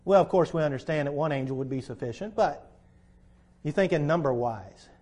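A middle-aged man preaching a sermon, telling folksy personal stories and rising into loud, emphatic preaching. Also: fairly high pitch, expressive, fairly quick.

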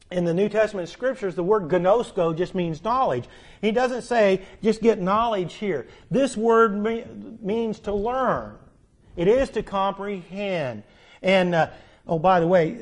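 Preacher, male, high voice, earnest sermon delivery, moves from hushed to emphatic.

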